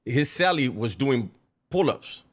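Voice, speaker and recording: A man with a mid-range voice talks over a clip in a loose, conversational way, his pitch swinging widely as he mocks what he hears. He is dry and sarcastic, spinning anecdotes between jabs. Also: animated, a little slow. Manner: sarcastic, mocking storyteller. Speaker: reaction commentator. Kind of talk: reaction commentary.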